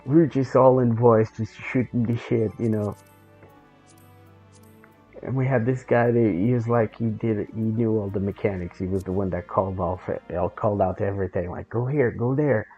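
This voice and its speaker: A man's voice: fairly low pitch, level tone, normal speed, slightly rough. A man telling a gaming story in a blunt, sarcastic, swear-heavy way, over a dull lo-fi recording with faint music. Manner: blunt, sarcastic, swears freely, restarts often. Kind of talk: casual profane storytelling.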